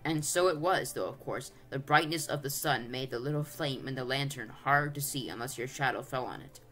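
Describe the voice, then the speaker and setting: A steady storybook narrator reading a children's fantasy aloud, mid-pitched and clear. Soft background music plays faintly beneath the reading. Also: brisk. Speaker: audiobook reader.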